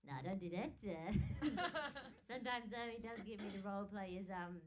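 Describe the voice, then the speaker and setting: A young woman from New Zealand with a New Zealand accent and an unusually high, squeaky voice, doing a stand-up set in a comedy club and laughing often between jokes. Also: brisk, heavy background noise.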